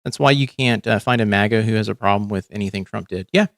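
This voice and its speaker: A man's voice: on the low side, quick pace, creaky, fairly bright tone, no room sound, studio quality. A man hosting a livestream, chatting casually about politics in a rambling, profane way with lots of fillers and restarts. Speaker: livestream host.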